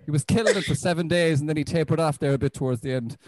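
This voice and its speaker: A young Irish man doing a stand-up comedy set on a club stage, deadpan and self-deprecating, with frequent swearing. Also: a little high, very fast, poor audio. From Ireland.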